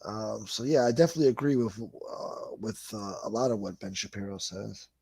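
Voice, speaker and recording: A man's voice: fairly low pitch, fairly quick, vocal fry, warm tone, slightly rough, no echo. A middle-aged man, hosting a livestream and reading chat comments in a blunt, profane, rambling way. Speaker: livestream host.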